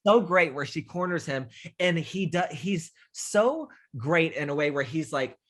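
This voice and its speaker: A young man hosting a casual film chat, rambling and animated, swearing freely and acting out scenes he loves. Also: on the high side, unhurried. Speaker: podcast host.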